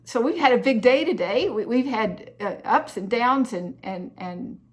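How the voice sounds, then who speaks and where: A woman's voice: fairly high pitch, animated, unhurried. Effusive woman chatting about crafts. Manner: effusive and heartfelt. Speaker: cross-stitch vlogger. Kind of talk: casual chat showing happy mail.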